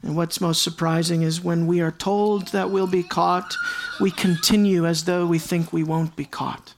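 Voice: medium pitch, level tone, moderate pace, a little hiss or hum. A pastor preaching a sermon to a congregation, addressing them directly and repeating key words for stress.

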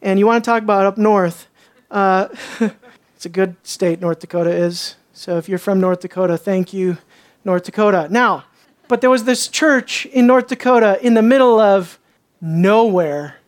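A woman pastor preaching a sermon, telling stories and acting out the people in them. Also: moderate pace. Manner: animated storytelling, acts out characters with jumps in pitch.

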